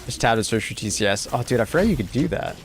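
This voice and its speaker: A man's voice: medium pitch, expressive, fast, soft background music. Laid-back, swearing male gaming streamer. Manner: profane, laid-back, self-mocking banter. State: sleepy. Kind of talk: casual gaming livestream chat.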